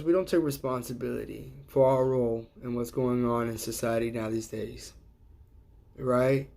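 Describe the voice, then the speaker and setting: A middle-aged man hosts a casual livestream, rambling profanely and chuckling at his own jokes in a mid-range, dark-toned voice.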